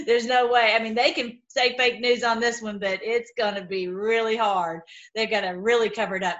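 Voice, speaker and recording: A woman with a slightly high-pitched voice talks straight to her audience in a loose, casual vlog style. She rambles from thought to thought and often breaks into laughter. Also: fairly even intonation, moderate pace, a bit bright, dull audio. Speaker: political video blogger. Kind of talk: casual to-camera chat.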